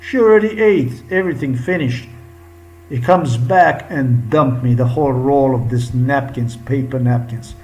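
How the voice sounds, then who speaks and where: Man, upset vlogger, swears, unhurried. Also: medium pitch, a little mellow, poor audio. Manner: upset, profane, rambling. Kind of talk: agitated monologue.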